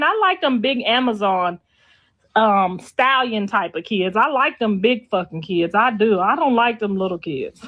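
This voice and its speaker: A woman's voice: on the high side, highs cut off. A middle-aged woman hosting a casual gossip livestream, blunt, sassy and freely profane. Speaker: host.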